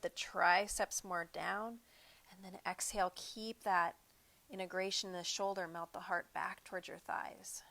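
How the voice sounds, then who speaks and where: A woman teaching a yoga class, calmly cueing breaths and poses at an unhurried pace. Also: mid-range voice. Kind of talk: guided yoga class instruction.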